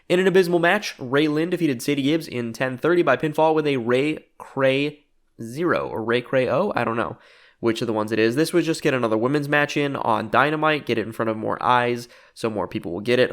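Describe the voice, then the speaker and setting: A man's voice: mid-range voice, fairly bright tone. A man giving casual, matter-of-fact commentary on a wrestling booking game, rating and judging each segment.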